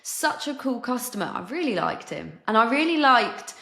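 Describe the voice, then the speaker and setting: Bubbly bright-voiced woman host. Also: fairly high pitch, sing-song, moderate pace, creaky, echoey room. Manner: bubbly, laughs often. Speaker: podcast host. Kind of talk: casual podcast chat and ad read.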